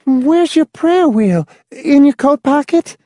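A man doing a brash, high-voiced bar girl. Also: animated, slow, warm tone, no room sound, studio quality. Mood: bossy. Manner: bold, demanding, penetrating soprano.

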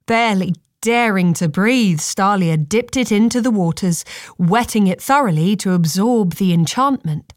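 A woman narrating a storybook in a calm, measured reading voice. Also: mid-range voice, dry recording, clean studio sound.

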